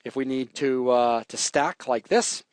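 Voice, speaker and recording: A man teaching programming in a relaxed, jokey way while he types, walking through code on a live stream. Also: medium pitch, a little slow, clear, resonant tone, no room sound. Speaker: programming instructor. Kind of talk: live coding tutorial.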